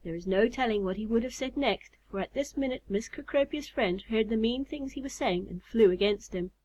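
Woman calmly reading a children's story. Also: a little high, fairly quick. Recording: slightly muffled recording.

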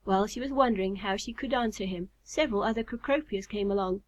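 A woman reading a children's story aloud in a calm, measured way. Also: medium pitch. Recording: slightly muffled recording.

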